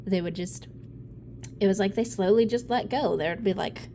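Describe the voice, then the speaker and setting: A woman's voice: medium pitch, moderate pace, warm tone, a little hiss or hum. A woman giving a casual tarot reading, blunt and profane, rambling with laughs and sighs. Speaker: tarot reader.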